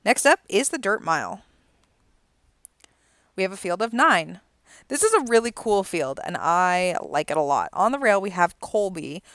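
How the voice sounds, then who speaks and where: Smooth-voiced woman calling horse races. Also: medium pitch, dry recording, clean studio sound. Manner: rising, excited calling in the stretch, chatty between races. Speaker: race caller and stream host. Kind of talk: live horse race commentary with casual asides.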